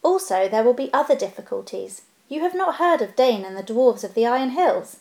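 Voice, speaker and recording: A woman voicing a small, earnest male hobbit who talks with prim, businesslike courtesy and a slight squeak. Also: lively intonation, fairly quick, warm tone. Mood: polite, earnest. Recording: roomy echo.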